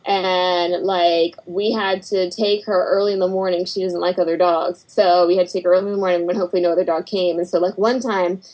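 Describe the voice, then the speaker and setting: A woman's voice: lowish voice, fairly quick, few pauses, rough recording. A woman guest on a podcast, chatting casually and acting out the voices in her stories. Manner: animated storyteller, acts out quotes and barking. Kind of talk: casual chat.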